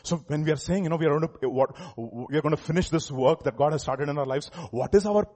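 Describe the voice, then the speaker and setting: A male pastor delivers a lively sermon in a high, husky voice. He keeps turning to the congregation with questions and breaks into chuckles between points. On the key lines he swells into loud, emphatic preaching. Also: fast. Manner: animated preaching with laughs and sudden loud emphasis.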